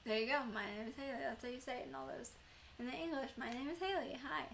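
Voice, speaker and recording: A woman's voice: sits high, a little fast, creaky, long pauses, fairly bright tone, slight background noise. A young woman chatting casually with viewers on her live stream, rambling with lots of fillers.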